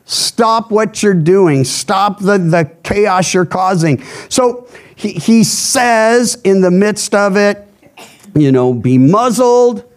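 A middle-aged male pastor with a high voice teaches from the Bible. He is earnest and emphatic and often restarts a phrase mid-sentence. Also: lively intonation, slow pace.

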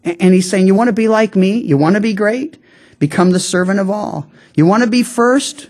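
A pastor preaching a sermon in a relaxed, conversational way, often restarting phrases and slowing down to stress key words. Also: medium pitch. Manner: frequent restarts and stammered repeats.

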